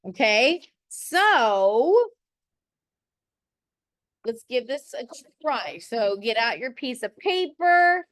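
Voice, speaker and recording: A middle-aged woman leads a poetry lesson at an unhurried pace, her voice sitting fairly high. She encourages her listeners and thinks aloud while writing, with frequent check-ins of "okay.". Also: fairly bright tone. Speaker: teacher. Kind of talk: classroom-style poetry lesson.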